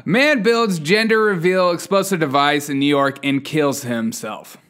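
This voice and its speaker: Running a laid-back news podcast, a man reads the headlines and chuckles through sarcastic side comments, his unscripted delivery peppered with fillers. He talks a little slowly in a slightly high voice with a fairly bright tone.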